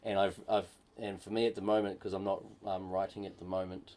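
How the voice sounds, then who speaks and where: A man's voice: deep voice, level tone, a little fast, darkish tone. A man who is a comedian, co-hosting a casual podcast and telling a long, rambling story with many fillers and restarts. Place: shed.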